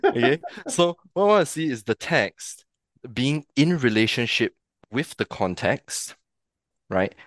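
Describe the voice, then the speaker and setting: A man's voice: mid-range voice, sing-song, a little slow, a bit bright, dry recording. A man from Singapore, a theatre practitioner, explaining ideas as a podcast guest, thinking aloud and often checking in with "right?". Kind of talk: reflective conversational explanation.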